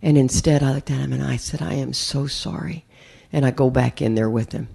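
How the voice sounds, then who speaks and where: A woman's voice: very deep voice, fast, creaky, breathy edge. A woman speaking at a recovery meeting, telling a humorous personal story with lots of laughter and acted-out voices. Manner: animated, laughs often, acts out others' voices.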